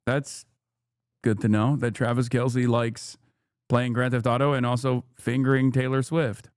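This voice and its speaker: A man's voice: mid-range voice, level tone, unhurried, clean tone, no echo, studio quality. A man hosting a casual reaction stream, talking in a sarcastic, joking way. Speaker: streamer host.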